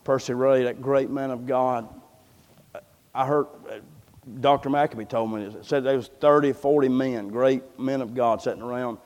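A man's voice: medium pitch, fairly even intonation, normal speed, darkish tone. A man preaching a sermon, impassioned and folksy, often repeating words as he builds up. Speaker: pastor. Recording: long reverb of a large hall.

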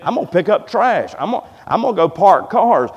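A fervent preacher whose high voice leaps up and down, rising to loud, emphatic cries and dropping to low, quiet asides. His sermon rings through a church hall with a long, echoing reverb. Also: sing-song, brisk, husky, dull audio. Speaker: pastor. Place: church sanctuary. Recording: echoey church hall sound.

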